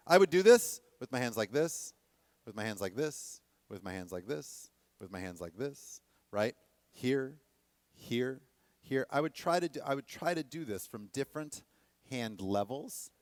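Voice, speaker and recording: A man teaching a dance workshop to a class, animated and often checking that the students are following. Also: on the high side, dry recording. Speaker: dance instructor.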